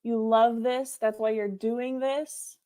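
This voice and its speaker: Woman host, higher voice, home livestream, earnest repeated affirmations, playful. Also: fairly even intonation, slow pace, warm tone. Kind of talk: encouraging pep talk to viewers.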